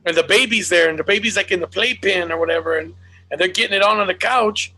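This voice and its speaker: A man's voice: high-pitched, fast talker, pushed and bright. A man, a comedian, chatting casually and profanely on a podcast, slipping into Spanish and laughing as he tells a story. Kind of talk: casual chat.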